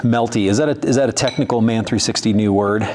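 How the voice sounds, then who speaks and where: A man's voice: fairly low pitch, fast, background noise. Joking man host, playful chat. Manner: joking, playful, talks with his mouth full. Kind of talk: casual cooking and book chat.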